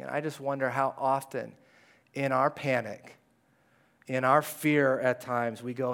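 A male pastor giving a conversational, animated sermon in a church, at times dropping to a hush. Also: mid-range voice, unhurried. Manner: conversational and animated, dropping to hushed tones for quoted words. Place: church sanctuary.

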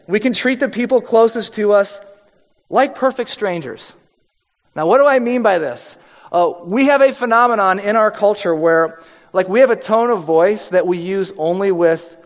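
Male pastor, 30s, conversational preacher who slips into acted quotes; high voice, long hall reverb. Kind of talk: sermon.

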